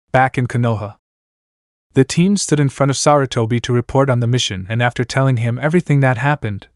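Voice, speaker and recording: A man narrating a fanfiction story in an even, steady reading voice. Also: medium pitch, no room sound, studio quality.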